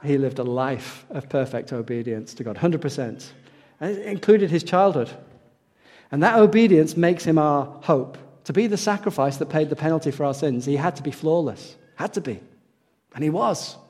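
A man preaching a sermon, swinging between raised emphasis and quiet, hushed lines, often questioning his congregation. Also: on the high side, normal speed. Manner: animated, rises for emphasis and drops to a hush, asks the audience questions. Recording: long hall reverb.

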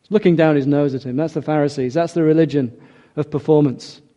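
A man's voice: fairly high pitch, steady tone, a little fast, warm tone, highs cut off. A middle-aged man preaching a sermon, earnest and emphatic, often asking rhetorical questions.

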